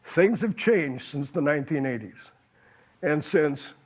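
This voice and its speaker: In a slightly high, expressive voice and an unhurried manner, an older panelist at a policy discussion spins anecdotes. He quotes others while acting them out and laughs at his own tales.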